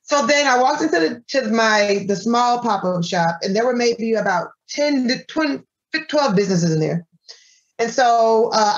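A woman, a small food business owner, telling an animated story in an interview and acting out the dialogue of the people in it. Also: fairly high pitch, muffled recording. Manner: animated, acts out quoted dialogue with her voice. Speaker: guest, granola business owner.

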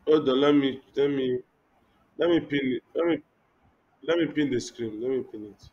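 A man's voice: mid-range voice, moderate pace, muffled recording. A young man teaching web design in a live online class, thinking aloud with many restarts and fillers. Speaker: web development instructor.

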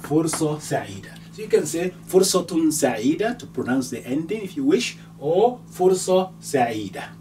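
A man teaching a beginner's language lesson, repeating words slowly and carefully. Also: fairly high pitch, big pitch swings, mellow. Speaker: Arabic teacher. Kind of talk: slow, patient language lesson. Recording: distant mic with faint hum.

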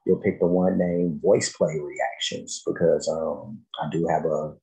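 A man hosts a casual song reaction, laid-back and slangy with plenty of fillers. His voice is very low, with a rough, creaky texture. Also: fairly even intonation, measured pace, dark tone, lo-fi sound. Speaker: music reaction host.

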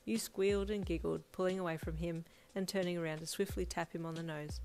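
A woman narrating a second-person fan-fiction story in a steady, plain reading voice. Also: fairly low pitch, brisk, slight background noise.

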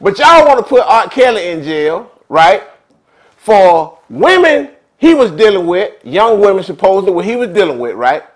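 High-voiced animated man. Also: rough recording. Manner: animated, chatty, streetwise. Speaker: vlog host. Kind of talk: casual storytelling commentary.

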